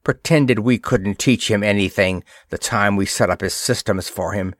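Man doing a gruff grumbling signalman. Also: lowish voice, normal speed, a bit bright, no echo, studio quality.

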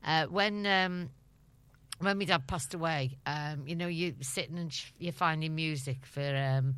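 Low, clear, and resonant with a fairly bright tone, this Liverpool woman speaks slightly slowly with no echo. Middle-aged and Scouse-accented, she's a storytelling interview guest who laughs a lot and performs her stories' dialogue.

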